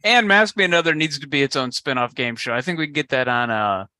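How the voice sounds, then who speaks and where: A man's voice: medium pitch, fast, bright, forceful tone, no room sound. A man co-hosting a comedy video show, chatting loosely with frequent laughs. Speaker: co-host. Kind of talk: casual banter.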